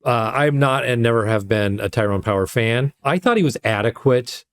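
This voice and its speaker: A man co-hosting a podcast, talking about a film in a measured, dry and wry way. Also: medium pitch, animated. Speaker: podcast co-host. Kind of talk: casual film discussion.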